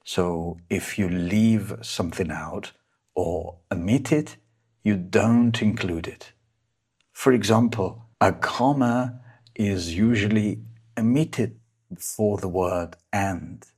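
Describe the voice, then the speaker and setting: A man with a deep, husky voice teaches an English lesson at an unhurried pace. He explains each rule deliberately and reads out every comma in his examples. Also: a little mellow. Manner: careful, deliberate, spells out each punctuation mark.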